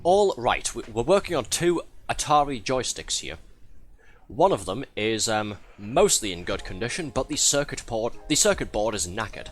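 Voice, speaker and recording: A man's voice: medium pitch, big pitch swings, normal speed. A man doing live gameplay commentary, chatty and a bit flustered, laughing often as he reads out viewer messages. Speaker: streamer.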